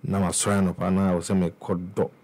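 Deep and darkish, this young man's Ghanaian-accented voice holds a level tone at a slightly fast clip. He's a musician recounting his life in a relaxed interview, blending Twi into his English and often restarting or repeating words.

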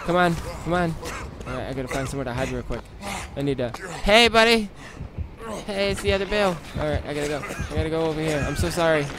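A man hosting his gaming channel, giving excited commentary as he plays, pleading with the killer, cursing and shouting in panic. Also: a little high, quick pace, crowd noise. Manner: quiet, relaxed asides to viewers.

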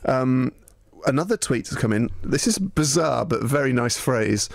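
Bristolian accent, male co-host, gravelly voice, close dry sound. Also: mid-range voice, normal speed, dry recording. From Bristol, England. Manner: dry, mock-formal, reading out listener messages. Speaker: radio podcast co-host. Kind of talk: casual comedy chat.

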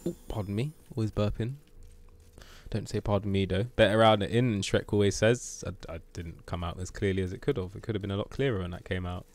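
A man giving lively commentary on his game during a live stream, full of exclamations, sound effects and swearing. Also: on the low side, fairly quick.

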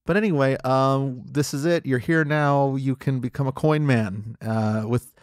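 A man voicing King Flat, a laid-back, slangy flat coin king. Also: medium pitch, a little slow, clean tone, no echo, studio quality, close to an everyday voice. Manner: casual, slangy, lazy.

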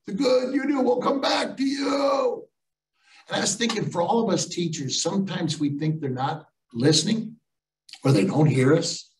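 A man's voice: medium pitch, vocal fry, reverberant, recorded from a distance, low-quality recording. An older man giving a motivational storytelling talk to teachers, acting out the voices of people in his stories. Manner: animated, acts out voices in stories. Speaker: storytelling speaker.

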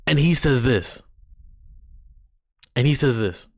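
Excitable young man, dry close sound. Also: medium pitch, no echo. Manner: excitable, rambling, drawn-out phrasing. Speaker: reaction video host. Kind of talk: casual reaction commentary.

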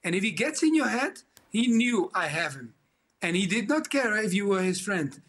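Husky high-voiced animated pundit man. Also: normal speed. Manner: animated, laughing storyteller. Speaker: football pundit, former player. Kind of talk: panel chat.

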